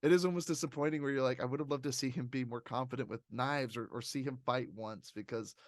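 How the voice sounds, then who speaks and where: Animated man rambling about movies. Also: mid-range voice, fast talker, no echo. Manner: animated and rambling, laughs often. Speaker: podcast host. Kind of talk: casual movie review chat.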